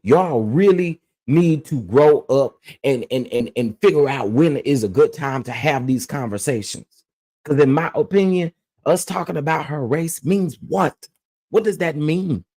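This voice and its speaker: A man's voice: a little high, unhurried, mellow. A man hosting his own commentary channel, ranting bluntly and emphatically and repeating phrases to press his point.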